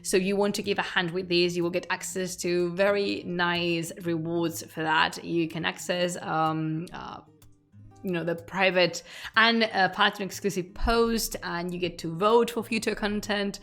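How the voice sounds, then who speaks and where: A woman's voice: lowish voice, steady tone, a little slow, a bit bright, soft background music. Chatty woman streamer. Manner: chatty and laughing, with frequent restarts and fillers. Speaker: streamer, history channel host. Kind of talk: casual live-stream chat to viewers.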